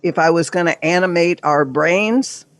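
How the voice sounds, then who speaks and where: On a podcast interview, this older female therapist and coach talks at a moderate pace with a fairly low pitch, and there's no echo. She coaches earnestly and with emphasis, now and then voicing inner thoughts as quoted dialogue.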